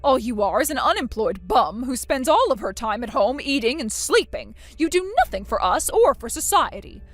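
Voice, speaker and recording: A harsh middle-aged mother who scolds with cold contempt, put on by a woman. The voice sits fairly high and moves lively, with soft music underneath. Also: moderate pace, no echo. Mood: scornful. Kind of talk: texting story voice acting.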